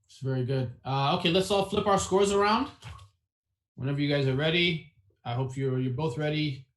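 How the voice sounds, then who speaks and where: A man's voice: a little high, normal speed. A man hosting a live online poetry event over a video call, joking with guests and sprinkling in Arabic phrases. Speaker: host.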